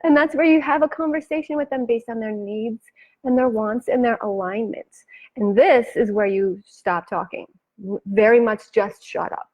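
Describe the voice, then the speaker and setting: A woman business coach giving a chatty, animated live talk, acting out her clients' lines and laughing often. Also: a little high, normal speed, muffled recording.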